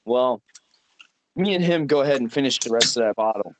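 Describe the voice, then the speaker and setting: Animated and brisk, with a medium pitch, a young podcast co-host rambles through a work story full of profanity and plenty of laughter during a casual chat.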